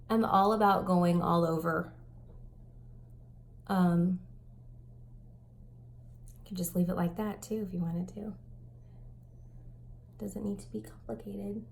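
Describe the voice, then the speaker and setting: A woman in her thirties chatting through a casual makeup tutorial, stuffy and breathing heavily, with self-mocking soft asides. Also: medium pitch, a little hiss or hum. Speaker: makeup vlogger.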